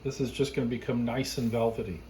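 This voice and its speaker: A man hosting a casual cooking demonstration, explaining each step in a relaxed, chatty way from his home kitchen. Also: mid-range voice, quick pace, slight background noise, poor audio. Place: backyard garden, then home kitchen.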